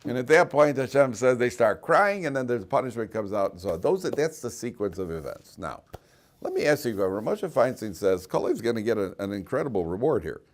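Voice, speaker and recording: A rabbi teaching a Torah class to students in a classroom, acting out voices from the story and breaking off to speak to the students directly. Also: male voice, medium pitch, brisk. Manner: animated, acts out voices of people in the story.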